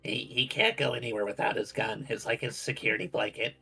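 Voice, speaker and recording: Husky, gravelly male player. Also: mid-range voice, brisk, bright, forceful tone, faint music behind. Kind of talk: casual game table chat.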